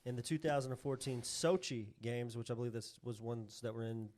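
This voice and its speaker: A man's voice: medium pitch, steady tone, brisk, a little mellow. Podcast co-host, man, casual, rambling explainer, lots of fillers. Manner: rambling, with many fillers and restarts while explaining trivia. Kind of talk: casual chat.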